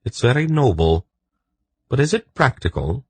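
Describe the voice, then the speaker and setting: A man voicing a wise sorceress in wolf form who speaks in a practical, brisk, questioning way in an audiobook. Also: mid-range voice, very animated, breathy edge, voice pushed up.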